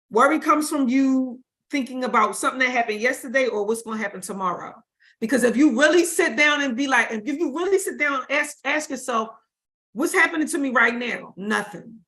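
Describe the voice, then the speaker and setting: Bright-voiced woman teaching casually. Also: a little high. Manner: informal, emphatic, repeats for stress; casual vernacular speech. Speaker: spiritual teacher. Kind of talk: livestream teaching talk.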